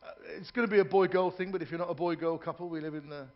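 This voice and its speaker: Performing stand-up in a ship's theatre lounge, this comic races through long jokes in a steady tone, his voice a bit high for a man. He does voiced characters and tosses asides to the audience, and the live recording sounds dull and lo-fi.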